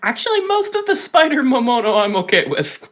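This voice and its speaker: A man's voice: extremely high pitch, sing-song, fairly quick, a bit bright. A man chatting casually as a guest on a stream, jokey and plain-spoken, and playfully defensive when teased. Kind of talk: casual chat.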